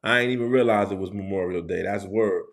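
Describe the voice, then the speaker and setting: A man's voice: sits low, a little fast. A man from the Bronx with a New York accent, chatting casually with viewers on his livestream, repeating phrases and talking in street slang. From New York City, the Bronx. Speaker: livestream host.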